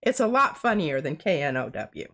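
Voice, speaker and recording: This is an older woman with a drawl, talking casually on a live art stream. Her voice sits fairly low but moves with a lot of expressive up-and-down. She laughs easily and tends to stumble and repeat words mid-sentence. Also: normal speed. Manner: laughs often, stammers and restarts. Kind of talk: casual chat while crafting, reading chat aloud.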